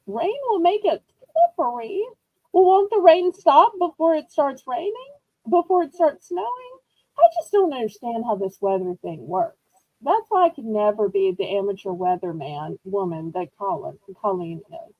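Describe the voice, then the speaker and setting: Woman auction host, high and lively voice, bubbly rambling sales chat, dry slightly dull home recording. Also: normal speed, no room sound. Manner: bubbly, rambling, self-teasing. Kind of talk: chatty live-stream sales pitch. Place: indoors at home.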